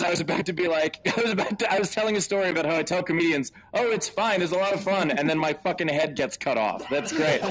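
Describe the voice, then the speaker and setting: A fairly high, slightly bright voice belongs to an American stand-up comic hosting from home through a virtual-reality venue. Into his headset mic he keeps up casual, profane banter full of self-mockery and quick asides.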